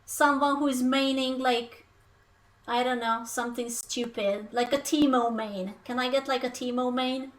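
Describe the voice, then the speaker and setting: A young woman with a high-pitched voice chats playfully on a live cooking stream, now and then slipping into silly sing-song noises. Her intonation stays fairly even and her pace measured, with a faint hiss or hum in the background.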